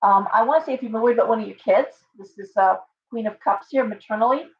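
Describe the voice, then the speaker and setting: A woman's voice: a little high, fast talker, recorded from a distance. A middle-aged woman giving a casual, rambling tarot reading on a live stream, full of fillers and restarts. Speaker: tarot reader. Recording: muffled audio from away from the mic.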